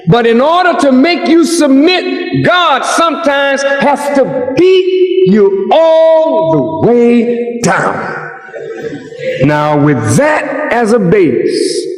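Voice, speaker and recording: High-voiced man preaching in an echoey hall. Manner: emphatic preaching, rising to shouts. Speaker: minister. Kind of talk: sermon. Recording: echoey hall with faint music.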